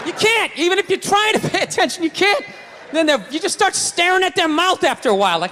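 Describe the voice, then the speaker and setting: High-pitched ranting stand-up comic. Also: male voice, very animated, fast, noisy background. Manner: ranting, profane, sarcastic. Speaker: stand-up comedian. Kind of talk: stand-up routine. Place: live theater stage. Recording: echoey hall with loud crowd. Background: audience laughter.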